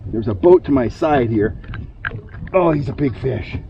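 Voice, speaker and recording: A middle-aged man hosting a fishing vlog from a boat on a lake, talking through his gear and getting loudly excited when fish bite. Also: mid-range voice, a little slow, creaky, lo-fi sound, noisy background. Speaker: fishing channel host. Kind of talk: outdoor fishing vlog narration.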